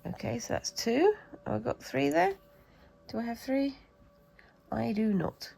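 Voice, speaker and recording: Her voice is mid-range, creaky and husky yet warm, moving unhurriedly with big pitch swings. She's a British craft vlogger nursing a cold, rambling to herself in casual chat as she shows a craft, captured in a rough recording.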